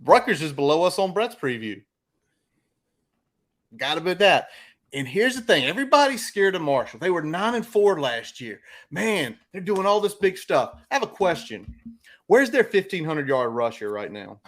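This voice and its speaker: A man's voice: a little high, big pitch swings, normal speed, a bit bright. A man hosting a casual sports podcast, brash and emphatic with his opinions. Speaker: podcast host.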